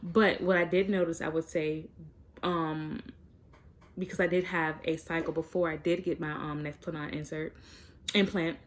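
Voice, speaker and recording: Young woman, vlogger, frank casual chat, slightly low voice, chatty with fillers. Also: little pitch movement, moderate pace, a little hiss or hum. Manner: chatty and direct, many fillers.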